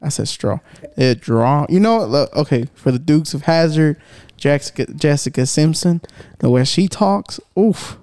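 A man's voice: a little high, lively intonation, unhurried, a little mellow, dry recording. Slangy young man, dry close sound. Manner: slangy, mixes English and Spanish, swears a lot. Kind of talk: casual chat with friends.

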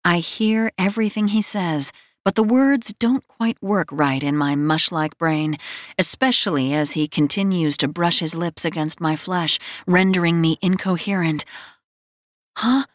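A woman's voice: fairly low pitch, normal speed, no echo. A woman narrating a first-person romance audiobook in a wry, self-mocking storytelling manner, close to the mic.

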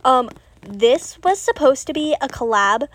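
A teenage girl hosting a gaming podcast, chatting casually and excitably while she plays, rambling and saying "literally" a lot. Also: sits high, measured pace, low-quality recording. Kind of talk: casual gameplay commentary. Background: game music.

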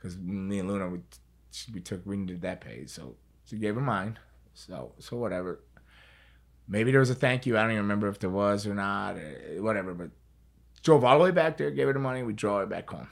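A man's voice: on the low side, lively intonation, brisk, creaky. A man telling a story as an interview guest, in a casual, rambling way, repeating words and swearing freely.

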